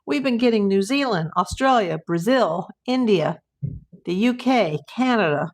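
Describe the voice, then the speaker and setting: A woman's voice: mid-range voice, lively intonation, unhurried. A woman, a private investigator, hosting a casual live stream from home and chatting as she answers viewer comments aloud.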